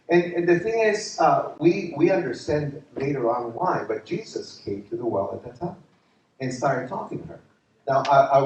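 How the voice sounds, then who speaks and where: Joking pastor preaching in an echoey hall. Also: male voice, fairly high pitch, distant mic, highs cut off, slight background noise. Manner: lively, joking, asks the crowd questions. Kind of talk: retreat sermon. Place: church retreat hall.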